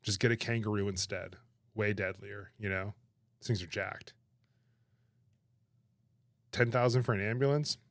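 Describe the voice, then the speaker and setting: A man chatting on his livestream, animated and laughing, protesting in exaggerated disbelief. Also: fairly low pitch, a little slow, pauses often, no room sound, clean studio sound. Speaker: streamer reacting to chat. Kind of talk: casual livestream chat.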